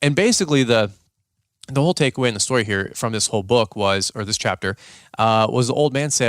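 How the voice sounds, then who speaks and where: A man's voice: medium pitch, expressive, fast, no room sound, studio quality. A man hosting a podcast, telling a story in a casual, rambling way with lots of fillers and restarts. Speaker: podcast host.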